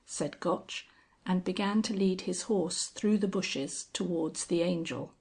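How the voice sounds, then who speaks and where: A woman reading a classic story aloud in a measured, unhurried narration. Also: on the low side, vocal fry, a little mellow, slightly rough.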